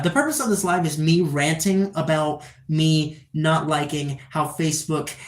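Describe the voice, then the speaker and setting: A person in their twenties livestreaming, chatting casually and rambling excitedly, swearing often and answering chat questions. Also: mid-range voice, roomy sound. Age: 20s.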